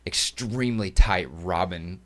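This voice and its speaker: Guy with a lowish voice rambling through funny crude stories, casual podcast chat. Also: a little slow. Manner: crude, joking, animated storyteller. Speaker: cosplayer guest.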